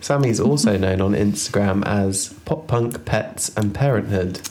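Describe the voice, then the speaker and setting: A man's voice: on the low side, a little slow, darkish tone, a little hiss or hum. Teasing man, podcast co-host. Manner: teasing, laughs often. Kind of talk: casual chat. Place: home living room. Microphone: podcast microphone.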